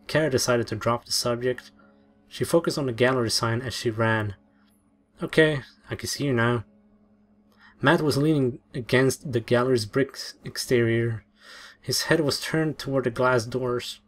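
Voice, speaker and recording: A man's voice: medium pitch, moderate pace. Man reading a story over music. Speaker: narrator. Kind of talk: audiobook reading. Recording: soft background music.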